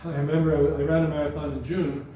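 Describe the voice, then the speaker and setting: The audio sounds dull and echoey, with the man far from the mic and faint noise in the background. He is a guest speaker at a school gathering hall, talking fast in a slightly high voice with little pitch movement. His informal talk is conversational and anecdotal, with frequent self-corrections mid-sentence.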